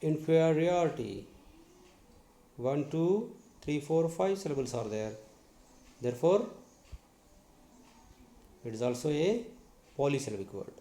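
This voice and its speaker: Slow, echoey English teacher man. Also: on the high side, animated, warm tone. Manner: spells words letter by letter, repeats words slowly. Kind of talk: classroom lesson on syllables. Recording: echoey room.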